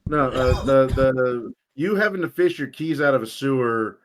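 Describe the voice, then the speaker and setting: Man from long island, mid-pitched voice, easygoing podcast banter, quick to laugh. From Long Island, New York. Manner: laughs easily, storytelling. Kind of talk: casual chat.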